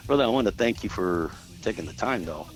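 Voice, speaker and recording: A man's voice: fairly low pitch, fast talker, soft background music, poor audio. A man from Detroit with a Detroit accent, a musician telling stories in a casual interview, swearing freely and acting out what others said. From Detroit, Michigan. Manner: profane, animated storyteller who acts out quotes. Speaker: musician guest.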